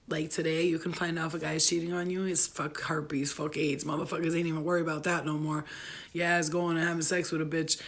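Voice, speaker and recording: A woman's voice: fairly low pitch, gravelly, breathy edge. A woman in her late thirties chatting on her vlog in a blunt, profane, rambling way. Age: late 30s. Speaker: vlogger. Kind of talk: casual chat.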